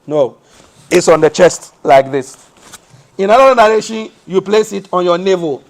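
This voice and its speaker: A man's voice: sits high, moderate pace. A man from Africa, teaching a study lesson in a mosque. He asks rhetorical questions and answers them himself, explaining step by step. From West Africa. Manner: explains step by step, shows hand positions as he speaks. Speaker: Islamic teacher.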